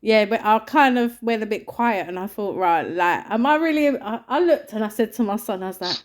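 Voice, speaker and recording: Animated woman telling a story. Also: a little high, normal speed. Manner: animated storytelling, acts out shouts and quotes. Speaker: podcast co-host. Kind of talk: casual chat.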